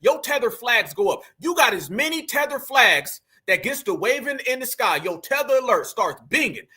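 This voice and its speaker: Fired-up, high-voiced male commentator. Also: sing-song, normal speed, bright, forceful tone, breathy edge. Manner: heated, mocking, slangy, addresses viewers as fam. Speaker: commentary channel host. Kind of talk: reaction commentary.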